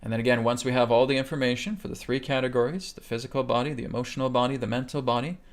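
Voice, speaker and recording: A man instructor leading a live webcast lesson, calmly talking listeners through breathing steps and checking in with "okay?" after each point. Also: medium pitch, rapid-fire. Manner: calm guiding delivery, keeps checking in with "okay?". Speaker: meditation instructor. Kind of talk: live webcast teaching a healing technique.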